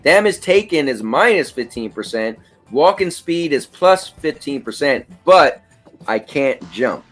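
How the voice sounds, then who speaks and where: A man hosting a casual chat while playing a game, relaxed and reading out game stats. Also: a little high, measured pace, faint music behind. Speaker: host.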